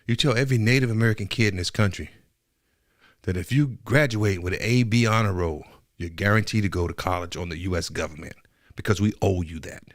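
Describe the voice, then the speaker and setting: Low-voiced guy going off on a podcast, cussing and repeating himself, dry close mic. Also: dry recording. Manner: heated, profane, builds to shouting; repetitive, emphatic. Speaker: podcast host. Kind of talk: political rant monologue.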